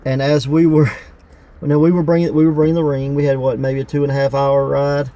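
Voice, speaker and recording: Easygoing Mississippi man, mellow timbre, casual podcast host. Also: fairly high pitch, little pitch movement, fairly quick, rough recording. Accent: Southern US, Mississippi. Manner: easygoing, laughs often. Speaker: podcast host, wrestling promoter. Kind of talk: casual chat. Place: parked car.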